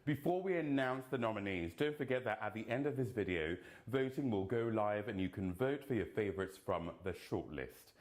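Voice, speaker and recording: A man announcing award nominations, reading the names deliberately and dropping playful, camp jokes between them. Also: on the low side, lively intonation, a little mellow.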